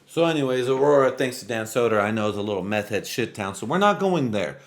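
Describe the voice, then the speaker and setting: A man's voice: medium pitch, expressive, fast talker. A man telling a rambling, profane story in a casual vlog monologue, a native Spanish speaker talking in English. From Mexican-American family. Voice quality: profane, rambling, laid-back. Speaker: vlogger.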